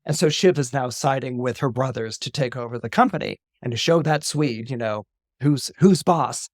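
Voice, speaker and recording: Animated male storyteller, dry sound. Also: medium pitch, normal speed, dry recording. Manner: animated, repeats words, acts out dialogue. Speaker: astrologer guest.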